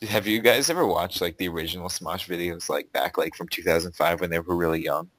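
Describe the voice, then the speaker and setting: A man's voice: deep voice, fast talker, a bit bright, dry recording, low-quality recording. A young man co-hosting a casual podcast, giving opinions and saying "like" constantly. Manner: opinionated, heavy use of "like". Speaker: podcast co-host. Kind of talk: casual chat.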